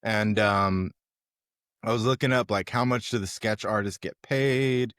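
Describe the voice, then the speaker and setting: A man co-hosting a casual podcast, telling stories in an unhurried way and laughing along. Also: fairly low pitch, fairly bright tone, smooth, no echo, studio quality. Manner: drawn-out, unhurried storytelling with laughs. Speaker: podcast co-host. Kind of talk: casual comedic chat.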